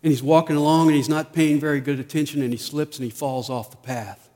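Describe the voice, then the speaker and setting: A man preaching a sermon as pastor, rising to emphatic peaks and dropping to quiet asides. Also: a little high, fairly even intonation, fast, in a large hall.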